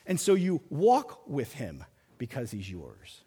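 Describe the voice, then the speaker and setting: A man preaching a sermon in a church, building lines up with dramatic pauses and punching single words. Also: medium pitch, huge pitch swings, dark tone, husky. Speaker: pastor. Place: large church hall. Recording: reverberant sanctuary sound.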